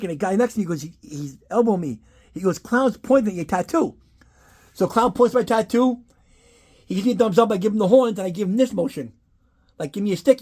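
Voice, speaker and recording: A man talks to camera in a casual, rambling way. He swears often and gets animated as he tells his anecdotes. His voice sits a little higher than most men's. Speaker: collector giving a room tour.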